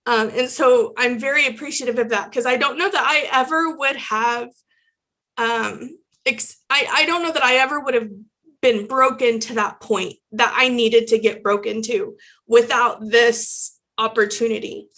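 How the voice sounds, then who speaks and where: A woman reflecting on speaking up as a patient, heartfelt and halting, with many fillers. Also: a little high, fairly even intonation, pushed and bright. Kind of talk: personal reflection.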